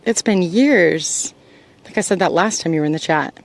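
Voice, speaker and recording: A woman's voice: on the low side, moderate pace. An American woman hosting an outdoor livestream, chatting with viewers and greeting them by name, often laughing. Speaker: livestream host. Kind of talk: live outdoor chat with viewers. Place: outdoors by a roadside.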